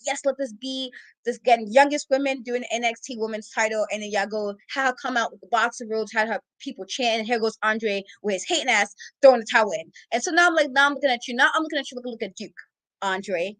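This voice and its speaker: A high-voiced woman recaps a wrestling show with sass and exasperation. She talks casually and animatedly as a co-host. Her voice is close and dry. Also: quick pace, fairly bright tone, dry recording, low-quality recording. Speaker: podcast co-host.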